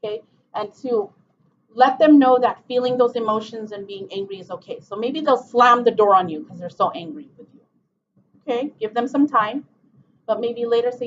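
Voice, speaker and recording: A woman's voice: a little high, moderate pace, slight background noise. A middle-aged woman presenting a parent workshop, talking informally with many "okay"s and "um"s. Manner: conversational, repeats "okay" and "um", acts out parent and child quotes. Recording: dull lo-fi room recording.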